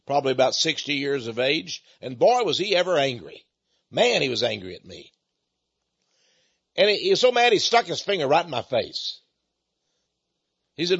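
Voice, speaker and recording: A man's voice: medium pitch, a bit bright, slightly rough, muffled recording. A man giving a preaching-style lecture, with dramatic emphasis and frequent stammered restarts. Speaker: speaker.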